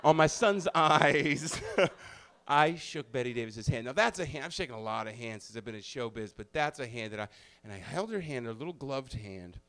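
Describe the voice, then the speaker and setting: A male comedian telling a personal story live on stage, animated and profane, moving between loud bursts and hushed, confessional moments. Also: medium pitch, quick pace.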